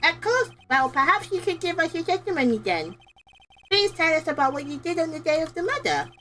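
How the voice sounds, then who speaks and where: A woman's voice: very high voice, sing-song, fairly quick, pushed and bright, faint music behind, voice pushed up, exaggerated voice. A woman doing a fumbling old judge. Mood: flustered. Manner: fumbling, stammering, fussy. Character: flustered elderly male judge.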